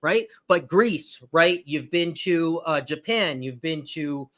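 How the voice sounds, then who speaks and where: A man hosting a live cruise chat, animated and prompting his co-host with questions. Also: fairly high pitch, takes it slowly. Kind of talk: casual live-stream chat.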